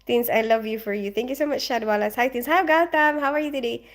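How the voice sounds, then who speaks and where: A young woman hosts a relaxed livestream, reading comments and greeting viewers by name in a chatty, friendly way. Her voice sits fairly high, and she laughs often between remarks. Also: fast talker. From Philippines. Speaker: livestream host.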